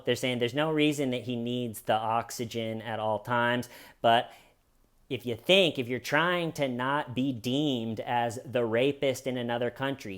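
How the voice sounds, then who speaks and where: A man hosting a comedy true crime show, telling a story in a mocking, animated way. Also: medium pitch, clean tone. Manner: mocking, animated, puts on silly voices in quotes.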